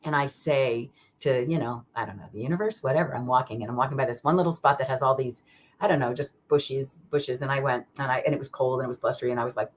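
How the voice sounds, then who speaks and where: Woman host, very deep voice, rambling live-stream chat with viewers. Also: quick pace, slight background noise. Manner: rambling, chatty, many fillers and restarts; greets viewers by name mid-sentence. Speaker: card reader hosting a live stream.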